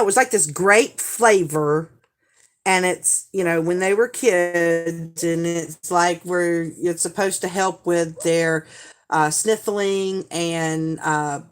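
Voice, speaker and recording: Slow, rambling woman host. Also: on the low side. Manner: rambling, chatty, full of fillers; mimics people in quoted voices. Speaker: live-stream host. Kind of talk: casual chat.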